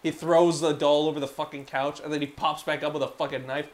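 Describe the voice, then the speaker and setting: A man casually recapping a cartoon episode on a podcast, profane and animated, slipping into voices. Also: fairly high pitch, quick pace. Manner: profane, animated retelling with put-on quotes. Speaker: podcast co-host.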